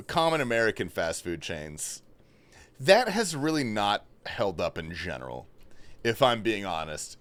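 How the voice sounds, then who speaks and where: Laid-back streamer man, lively pitch. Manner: laid-back, swears often, calls chat bro and man. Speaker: livestreamer. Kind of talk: casual gaming livestream chat.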